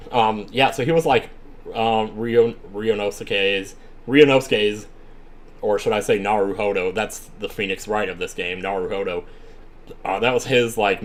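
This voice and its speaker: A man giving chatty, excitable commentary while playing a video game, with frequent exclamations. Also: lowish voice. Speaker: let's play streamer. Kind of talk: gaming commentary. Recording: faint game music behind.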